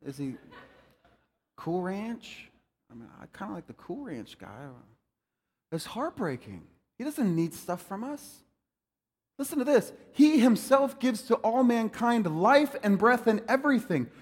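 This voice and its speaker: A man delivers a sermon in a high voice that rises and falls all over the place. He talks to the room like a friend and throws in jokes between readings. A long reverb from a large hall trails behind his words. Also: unhurried, husky. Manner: animated, conversational preaching with jokes. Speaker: pastor.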